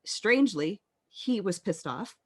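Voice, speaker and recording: A woman in her thirties, guesting on a podcast, relates her personal story earnestly and reflectively with halting pauses. Her mid-range voice is husky yet animated.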